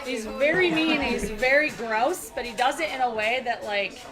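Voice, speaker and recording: A woman coach in a casual interview, answering quickly and joking. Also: a little high. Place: busy restaurant. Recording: loud restaurant crowd. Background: loud crowd chatter.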